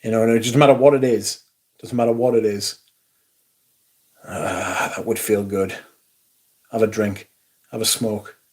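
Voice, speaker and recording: A man's voice: mid-range voice, fairly even intonation, brisk, darkish tone. Middle-aged man, livestream host, sweary and rambling. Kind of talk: casual livestream chat.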